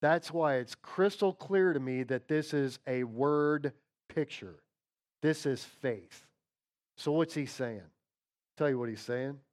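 A man preaching a sermon in a casual, conversational way, correcting himself mid-sentence, dropping to a hush when reading scripture and building to a rising chant. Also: fairly high pitch, slow. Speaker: pastor.

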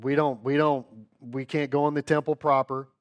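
A man teaching an informal Bible lesson in an animated, joking way, often checking in with rhetorical questions. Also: medium pitch, moderate pace, highs cut off.

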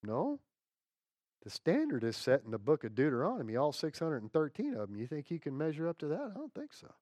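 Male pastor, animated sermon delivery, loud bursts and hushed asides, dry close recording. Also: a little high, fairly quick, no room sound.

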